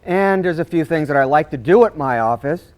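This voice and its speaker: A man giving a live seminar to real estate agents, acting out conversations with clients and clearing his throat often. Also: fairly high pitch, brisk. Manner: animated, acts out client dialogues, frequent throat clearing. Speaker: real estate sales trainer.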